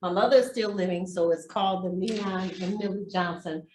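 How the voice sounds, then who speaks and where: A woman with a fairly low, somewhat mellow voice teaches a real estate class at a moderate pace, with a little hiss or hum and echo in the room. Her inspiring talk features heartfelt stories about giving and being blessed.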